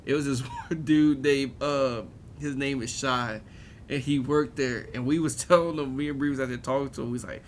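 A man's voice: medium pitch, fairly even intonation, normal speed, slight background noise. A man in casual chat with friends, telling a story with lots of laughter.

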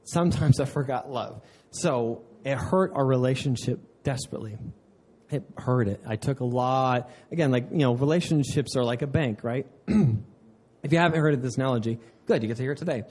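Earnest conversational male pastor, mellow voice. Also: medium pitch. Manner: conversational and earnest, with repeated "man" and quick asides. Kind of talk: sermon.

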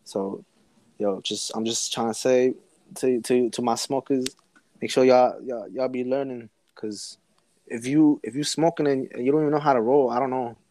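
A man's voice: mid-range voice, steady tone, moderate pace, warm tone, no room sound. A young man casually telling a story to a friend, full of slang and swearing, laughing as he goes. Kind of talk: casual chat.

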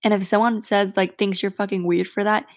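Young female podcast host, candid and heartfelt, swears often, mid-pitched voice with vocal fry, dry close sound. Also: flat delivery, brisk, dry recording. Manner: frank and heartfelt, swears freely, many "like" fillers. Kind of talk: casual solo podcast monologue.

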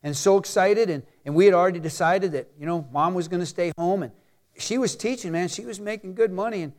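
A middle-aged man preaching a sermon as a pastor. He swings between loud emphatic lines and quiet asides, and he reads scripture slowly for emphasis. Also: high-pitched.

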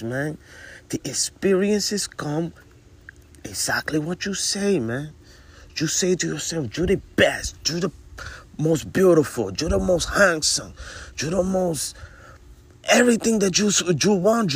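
A man's voice: on the high side, sing-song, a little slow, breathy edge. A man co-hosting a casual podcast, rambling loosely, ending his phrases with "man" and drifting into motivational advice. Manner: preachy motivational talk. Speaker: podcast co-host.

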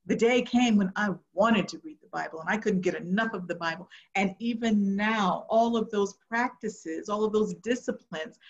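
A middle-aged woman preaching a sermon, telling an earnest personal testimony and going soft and hushed at the tender moments. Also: mid-range voice, normal speed, few pauses. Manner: earnest, storytelling, drops to soft tones for emotional moments. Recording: muffled lo-fi sound.

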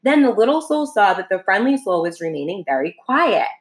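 A woman narrating a storybook in a gentle, unhurried way. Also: mid-range voice, sing-song. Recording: roomy echo.

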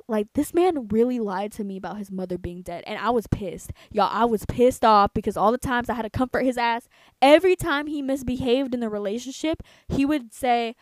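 A young woman co-hosting a podcast, telling a story in a casual, profane, animated way and talking straight to her listeners. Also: a little high, brisk, dry recording. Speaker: podcast co-host.

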